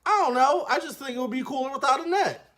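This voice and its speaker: A man voicing an excitable, scheming male circus boss who shrieks in a high, wild voice. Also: fast. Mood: giddy.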